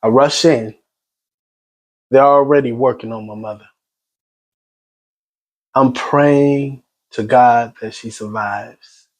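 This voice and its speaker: A grieving man giving a personal spoken account in an agitated, halting way, full of restarts. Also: mid-range voice, steady tone, darkish tone. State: shaken and grieving. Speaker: son recounting his mother's death.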